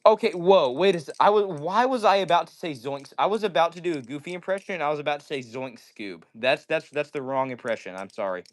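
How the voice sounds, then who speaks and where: A man's voice: a little high, animated, fast, hardly any pauses. A man hosting a casual livestream, chatting with viewers and rambling and apologizing often. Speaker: livestream host.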